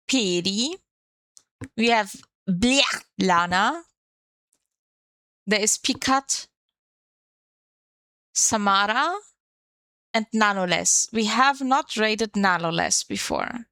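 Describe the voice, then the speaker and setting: A woman's voice: medium pitch, animated, drawn-out words, pauses often, bright, forceful tone, no echo. A woman streamer chatting casually on a live stream, playful and swearing freely into a desk microphone.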